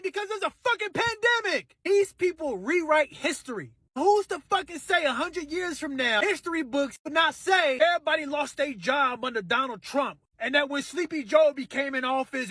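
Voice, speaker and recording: A man with a notably high voice ranting in heated, cursing bursts, circling back to the same complaints and now and then shouting. The sound is dry and close, with no room echo. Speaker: commentator ranting to camera. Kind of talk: angry profane political rant.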